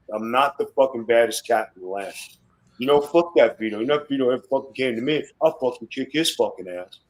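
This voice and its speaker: A middle-aged man, a guest on a podcast, telling wrestling stories in rough, swearing-heavy casual talk. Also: mid-range voice, poor audio. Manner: profane, boastful storytelling.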